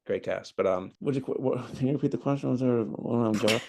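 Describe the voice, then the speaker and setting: A man from outside Boston with a Boston accent, a guest chatting casually on a podcast, talking in halting bursts with many restarts. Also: mid-range voice, gravelly, background noise. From outside Boston, USA. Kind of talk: casual chat.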